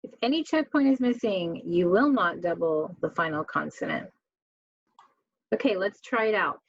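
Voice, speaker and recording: A woman with a fairly low, expressive voice teaches children to spell, slowly and clearly reading out words one after another and asking the class questions. There's no room sound, and the audio is lo-fi.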